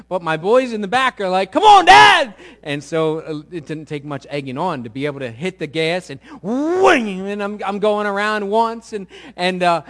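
Male pastor, middle-aged, high voice, sermon, animated storytelling, loud peaks and hushed lows.

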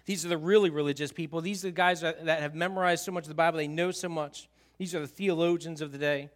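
A male pastor preaching a sermon in a church, telling the story with animated swings from loud to soft. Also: a little high, quick pace. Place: church sanctuary.

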